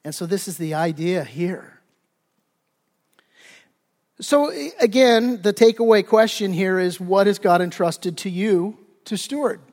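A pastor giving a conversational sermon, animated and acting out imagined listeners, with frequent restarts. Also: male voice, high voice, unhurried, long reverb tail.

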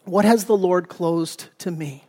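A man's voice: high-pitched, measured pace, darkish tone, long reverb tail. A middle-aged male pastor preaching a sermon in a church, talking conversationally, with frequent restarts and fillers. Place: church sanctuary.

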